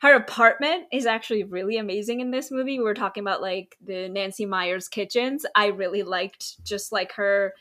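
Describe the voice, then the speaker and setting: A woman's voice: mid-range voice, fairly even intonation, normal speed, few pauses, bright, forceful tone. A woman hosting a podcast, chatting enthusiastically and rambling a little, often laughing. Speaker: podcast host. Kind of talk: casual chat.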